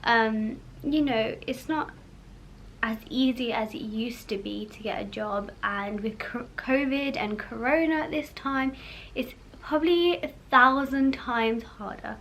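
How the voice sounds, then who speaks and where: A young woman chatting casually to camera as a vlog host, full of fillers and quick laughs. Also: a little high, a bit bright, slight background noise.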